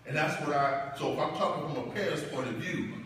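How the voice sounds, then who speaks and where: A middle-aged man giving a parent's graduation speech, telling personal stories in a preacher-like way that swells loud and high as he builds up. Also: a little fast, noisy background. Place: large hall or church. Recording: echoey hall, distant mic.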